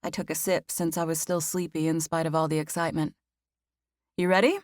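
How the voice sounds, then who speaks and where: A woman narrating a first-person romance audiobook with an expressive read, close on a studio mic. Her voice sits a bit low for a woman and the recording is dry, with no room sound at all. For the heroine's nervous lines she lifts her pitch high. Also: fast, dry recording.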